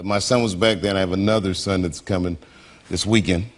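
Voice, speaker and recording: A man's voice: sits low, fairly even intonation, brisk. Laid-back chuckling man, noisy clip. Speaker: comedian guest. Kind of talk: casual interview talk.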